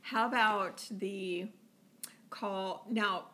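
A woman's voice: mid-range voice, fairly even intonation, drawn-out words, pushed and bright. A woman firefighter co-hosting a casual chat, laughing often and chiming in with her own stories. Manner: chatty, laughs often, chimes in.

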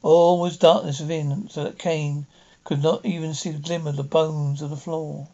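A man reading a short story aloud with dramatic pauses. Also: on the high side, flat delivery, dark tone, lo-fi sound. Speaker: audiobook reader. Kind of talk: storybook narration.

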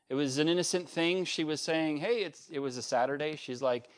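A middle-aged male pastor preaching a sermon, swinging between raised emphasis and quiet, conversational asides. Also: mid-range voice, a little fast, hardly any pauses. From United States.

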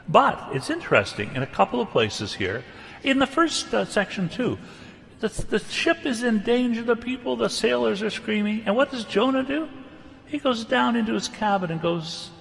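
A man preaching a sermon in an animated, chatty way that comes back to pointed remarks. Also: sits high, gravelly, big-room sound, a little hiss or hum.

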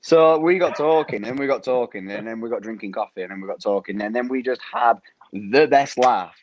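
A man's voice: mid-range voice, fairly quick, slight background noise. A young man from Preston with a Lancashire accent, a podcast guest telling rambling stories in casual chat and laughing often. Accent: Lancashire English. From Preston, England. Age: young adult. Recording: muffled lo-fi audio.

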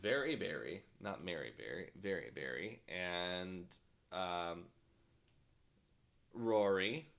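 Low-ish guy with a really animated voice, co-host, teasing and cracking jokes. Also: slow, gravelly, long pauses. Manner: wisecracking, teasing. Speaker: podcast co-host. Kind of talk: casual podcast banter.

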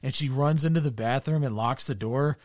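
A man's voice: brisk, darkish tone, no room sound. Guy cohosting a chat, crude gleeful storyteller, dry close sound. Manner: crude, gleeful storytelling, drops voice low for punchlines. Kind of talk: casual chat.

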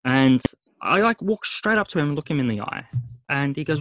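A man's voice: on the high side, fairly quick, no room sound. A middle-aged man, a podcast co-host telling a story in casual chat, acting out what others said and swearing freely. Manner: animated retelling, swearing, acting out quoted voices.

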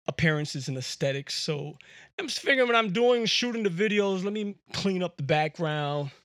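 A male podcast host tells a rambling story in a casual, slangy way, often repeating himself mid-sentence. His voice sits high and swings widely in pitch, with a bright, forward tone. The sound is close and dry. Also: normal speed, dry recording. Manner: animated, slangy, repeats words.

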